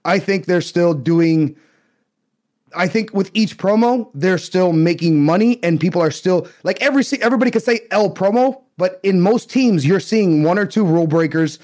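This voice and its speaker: A laid-back man co-hosting a podcast who rambles through his thoughts with plenty of "like". His voice sits a bit high for a man. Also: expressive, moderate pace, a little mellow. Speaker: podcast co-host. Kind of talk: casual podcast chat.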